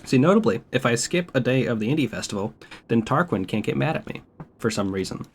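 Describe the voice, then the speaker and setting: A man's voice: mid-range voice, lively intonation, fast, slight background noise. A man streaming a video game, talking casually with wry, profane remarks. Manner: profane, wry and laid-back. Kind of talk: casual gameplay commentary.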